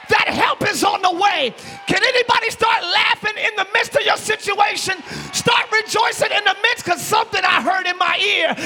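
A male pastor preaching a live church sermon, exhorting and shouting to the congregation, then dropping into quieter conversational asides. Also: very high voice, a little hiss or hum. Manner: drops to a quiet conversational tone between shouted passages. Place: church sanctuary.

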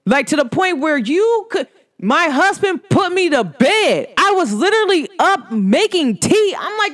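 A woman's voice: high voice, normal speed. A woman hosting a spiritual podcast, telling a story in a casual, slangy monologue. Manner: animated, slangy, swearing freely.

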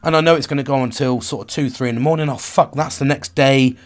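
A man's voice: medium pitch, steady tone, fast. A man in his forties speaking frankly about his own struggles, swearing freely, restarting sentences and searching for words. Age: 40s. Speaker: vlogger. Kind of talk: candid personal monologue.

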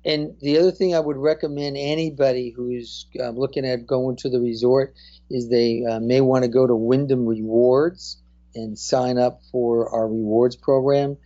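A man with a New Jersey accent and a mellow, darker voice, talking as a guest in a casual interview. He speaks haltingly and fills his pauses with "uh" and "um". The sound is dull and lo-fi. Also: mid-range voice, fairly even intonation. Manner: halting, many "uh" and "um" fillers. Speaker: guest, hotel representative.

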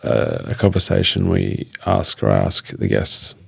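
Gravelly-voiced male podcast host, close and dry. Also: deep voice, sing-song, unhurried, fairly bright tone, no room sound. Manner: hesitant, friendly, with many fillers. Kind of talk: interview closing questions.

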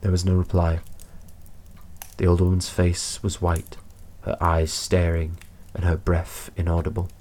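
Low deep voiced guy narrating a story, calm and steady. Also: measured pace, slight background noise. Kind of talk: scripted story reading.

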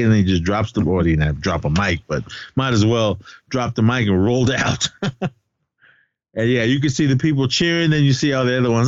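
A man's voice: fairly low pitch, moderate pace, no room sound, lo-fi sound. A man co-hosting a podcast, recapping a film in casual, rambling chat with frequent laughs. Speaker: podcast co-host.

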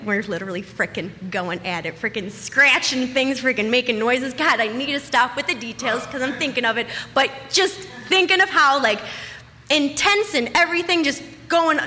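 A young woman tells a personal story in a casual, lively way, swearing often and acting out panicked quotes. Her voice is a little high, and a long reverb tail trails after it.

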